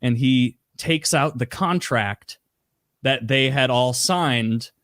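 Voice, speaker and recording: A man's voice: mid-range voice, slow, no echo, studio quality. A man hosting a podcast, animatedly retelling a story in casual chat with lots of filler words. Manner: animated retelling, heavy use of "like". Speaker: podcast host.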